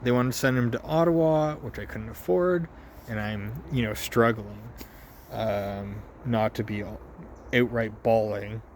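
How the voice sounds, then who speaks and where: Man, mid pitch, slow and halting delivery, personal journal vlog, faint background noise. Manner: halting, slow, emotional storytelling with many restarts. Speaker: vlogger. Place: outdoors with his dog.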